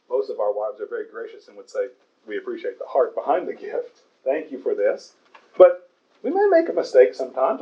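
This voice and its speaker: A man's voice: on the high side, darkish tone, lo-fi sound. A man preaching a conversational Bible sermon in an earnest way, often stumbling over repeated words.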